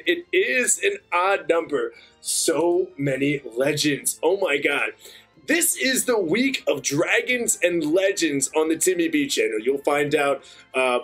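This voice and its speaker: A young man hosting a gaming channel, giving chatty, excitable let's-play commentary. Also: on the high side, breathy edge. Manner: excitable, chatty, bursts into cheers.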